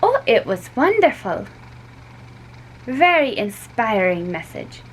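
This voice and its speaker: Mrs Capello: woman voicing a hospitable storybook mom, slight Italian accent, higher tone. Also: big pitch swings, takes it slowly, a little hiss or hum, low-quality recording. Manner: hospitable, mock-wounded.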